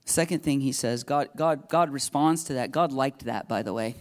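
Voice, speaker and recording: A man's voice: medium pitch, normal speed. A middle-aged man preaching a sermon in a conversational, emphatic way, acting out the voices he quotes. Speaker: pastor.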